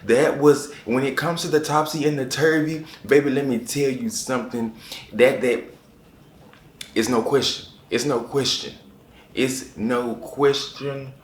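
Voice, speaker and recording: A man chatting casually to camera as a book reviewer, animated and repeating phrases for emphasis. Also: medium pitch, moderate pace. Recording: echoey room.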